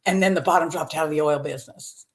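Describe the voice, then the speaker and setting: Speaking fast in a low-pitched voice, this septuagenarian comedian from Texas opens up about her life as a podcast guest. She laughs a lot and leans heavily on fillers as she tells her candid stories.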